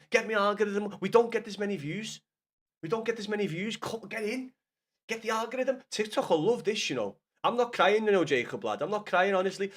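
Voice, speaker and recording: A young man from Liverpool with a Scouse accent, chatting casually and swearing as he banters with his live-stream viewers. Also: high-pitched. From Liverpool, England. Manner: sweary, banters with chat by name, gets loud and excited. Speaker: football streamer.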